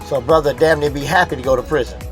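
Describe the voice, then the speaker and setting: Middle-aged man host, rambling, preachy, slightly high voice, faint music behind. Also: fairly even intonation, quick pace. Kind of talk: casual live call-in talk.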